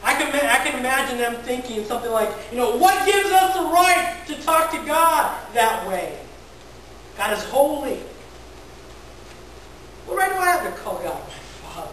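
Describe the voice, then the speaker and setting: A woman's voice: high voice, expressive, moderate pace, background noise. A woman pastor giving a conversational sermon, often repeating words and asking the congregation questions. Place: large echoey church hall. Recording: very echoey church hall from far off.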